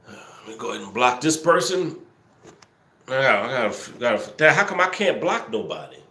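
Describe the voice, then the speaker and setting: A man hosting a live stream, teasing viewers and scolding trolls in the chat, sometimes yelling excitedly. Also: medium pitch, brisk, roomy sound. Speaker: livestream host. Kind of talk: casual live-stream commentary, talking to the chat.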